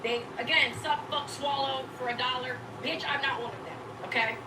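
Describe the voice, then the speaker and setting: A woman with a slightly high voice scolds and swears defiantly on a livestream. Her voice sounds distant and echoey, with clear background noise in the stream audio. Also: steady tone, normal speed. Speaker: livestreamer addressing critics. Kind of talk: confrontational livestream rant.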